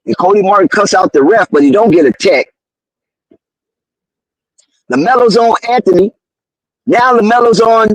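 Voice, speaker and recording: A man doing fan play-by-play of a basketball game, excitable, slangy and loudly outraged at the referees. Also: high-pitched, normal speed, pauses often, no echo, low-quality recording. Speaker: live game commentator.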